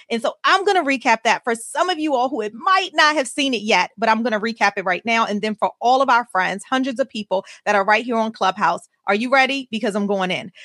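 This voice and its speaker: A woman hosting a live motivational show, talking to her audience in an energetic, emphatic way and hyping them up. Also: a little high, no echo, clean studio sound. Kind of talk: motivational live-stream talk.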